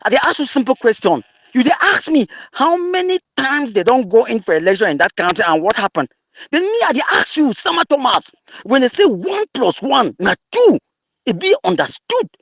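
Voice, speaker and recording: A man's voice: extremely high pitch, very animated, fairly quick, creaky, fairly bright tone. A man with a Cameroonian English accent mixing in Pidgin, angrily insulting an opponent in an online audio debate. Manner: angry, insulting, mocking.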